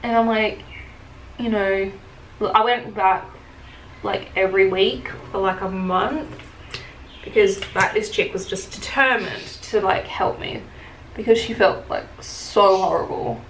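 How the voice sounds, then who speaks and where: A woman's voice: mid-range voice, a little slow. A young woman chatting casually while doing her makeup, telling a story with lots of fillers. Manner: chatty, many fillers, animated retelling. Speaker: beauty vlogger. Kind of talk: casual get-ready-with-me storytelling. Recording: echoey room with faint hiss.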